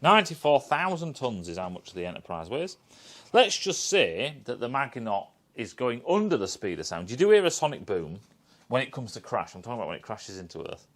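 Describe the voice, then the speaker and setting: A man's voice: medium pitch, sing-song, fairly quick. A man giving a casual, rambling and scornful review, swearing often and restarting his sentences. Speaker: TV critic.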